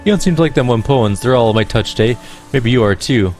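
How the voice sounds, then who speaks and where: A man's voice: mid-range voice, lively intonation, a little fast, a little mellow, faint music behind, natural voice. A man voicing Rainbow, a brash, slangy Irish ex-park ranger woman in a game reading, with a put-on Irish accent. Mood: chatty.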